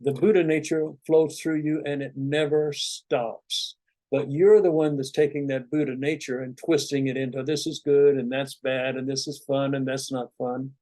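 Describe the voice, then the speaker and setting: A man talking to his students as a meditation teacher, in a loose, rambling conversational way. His voice is mellow and soft-edged, and the recording is dry and close, with no room sound. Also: mid-range voice, moderate pace, no room sound. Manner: relaxed, rambling, conversational, many "you know"s. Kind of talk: informal spiritual talk to students.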